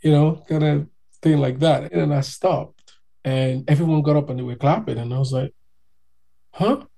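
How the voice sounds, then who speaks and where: A man telling a personal story in a casual, animated way, acting out other people's voices. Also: a little high, normal speed, vocal fry. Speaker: guest.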